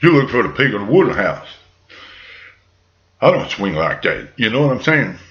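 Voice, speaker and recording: A man voicing a smooth, unbothered male pig who croons and drawls, calling everyone baby. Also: medium pitch, sing-song, normal speed, fairly bright tone, muffled recording, pitched below the performer's own voice. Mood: smooth, teasing.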